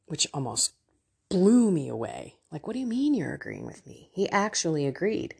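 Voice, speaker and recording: A woman's voice: on the low side, very animated, normal speed, gravelly, darkish tone, husky. A middle-aged woman hosting a faith podcast, teaching her listeners in a candid, emotional way and laughing often.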